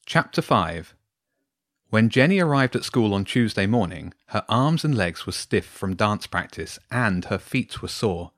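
A man reading his own bedtime story aloud to two boys, with a lively, expressive delivery. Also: fairly low pitch, measured pace, no room sound, studio quality.

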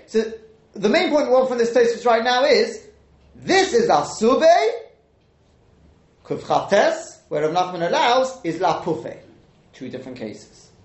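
A man with a high-pitched voice teaches a Talmud class in an echoey room, questioning the texts aloud and mixing in Hebrew and Aramaic terms.

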